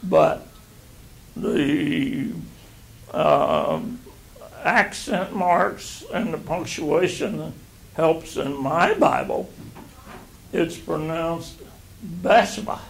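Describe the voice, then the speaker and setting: An older man teaching a Bible lesson, reading scripture aloud and explaining it in a slow, halting way. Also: on the high side, big pitch swings, vocal fry, slight background noise.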